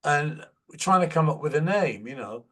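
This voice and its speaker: A man's voice: a little high, lively intonation, moderate pace, a bit bright. An older man with a Manchester accent, a guest musician telling stories in a casual interview and acting out quotes. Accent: Manchester English. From England. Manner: anecdotal, acts out quotes.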